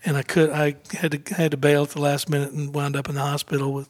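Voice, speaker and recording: A male guest telling a story in an animated, easygoing way, his voice sitting fairly high for a man. He acts out the quotes and laughs often, and the sound is close and dry with no room echo. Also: fast. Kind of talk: casual storytelling interview.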